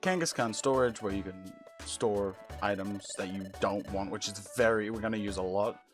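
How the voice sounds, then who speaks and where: A man's voice: on the low side, moderate pace, soft background music. A man giving casual let's-play commentary and reading game dialogue aloud, jokey, with profane asides.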